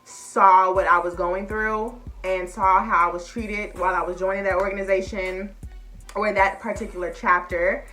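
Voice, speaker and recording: Young woman vlogger, chatty and open about feelings, mid pitch, faint music under her. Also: fairly even intonation, moderate pace, pushed and bright. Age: young adult. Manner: chatty, emotional, addresses viewers as y'all. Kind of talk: casual chat to camera.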